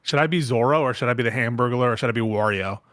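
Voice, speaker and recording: A man co-hosting a casual chat, playful and jokey, firing off quick questions. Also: mid-range voice, fairly bright tone, dry recording, clean studio sound. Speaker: co-host.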